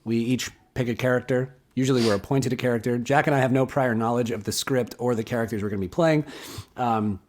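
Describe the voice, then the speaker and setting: A man's voice: medium pitch, steady tone, quick pace. Playful laughing male co-host. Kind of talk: casual comedy chat.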